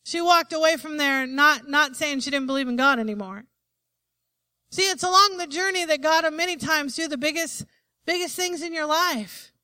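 Female preacher, very high forceful voice, emphatic sermon delivery, call-and-response. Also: moderate pace, no room sound. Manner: emphatic, asks the congregation for "Amen?".

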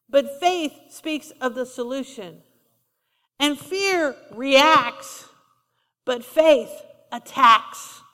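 High-voiced woman preaching in a hall. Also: a bit bright. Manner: conversational preaching with acted-out quotes. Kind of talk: sermon. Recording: long reverb of a large hall.

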